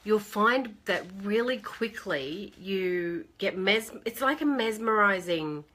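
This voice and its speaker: A woman's voice: medium pitch, animated, slow pace, pushed and bright. A woman hosting a casual live stream from her phone, chatting with viewers by name and laughing often.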